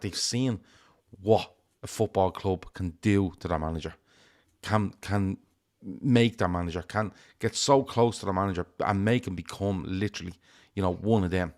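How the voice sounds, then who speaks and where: Blunt, sweary man. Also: lowish voice. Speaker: fan show panelist. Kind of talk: casual chat.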